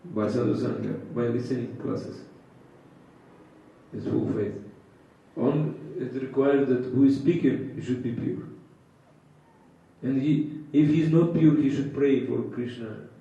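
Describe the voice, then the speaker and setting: A man giving a devotional scripture class in simple broken English, speaking haltingly with frequent pauses and filler sounds. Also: medium pitch, creaky, warm tone. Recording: echoey, dull, distant hall sound.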